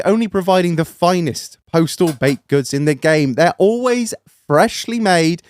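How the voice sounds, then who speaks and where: A man co-hosting a podcast tells stories in a loose, sweary way and laughs often. His pitch sits a little high and swings widely, and the sound is close and dry. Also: measured pace, few pauses, no room sound. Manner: sweary, laughing, animated storytelling. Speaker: podcast co-host. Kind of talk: casual storytelling chat.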